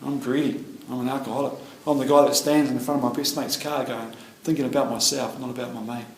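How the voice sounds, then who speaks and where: Speaking fast in a mid-range, darkish voice with fairly even intonation, a middle-aged man from New Zealand shares earnestly and at length at a recovery meeting. He keeps falling back on "you know." The recording catches a roomy meeting hall with faint ambience.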